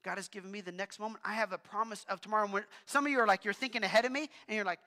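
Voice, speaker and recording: A male pastor preaching a sermon in a casual, animated way, with asides to the congregation. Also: high voice, racing, few pauses. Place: church hall. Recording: long hall reverb.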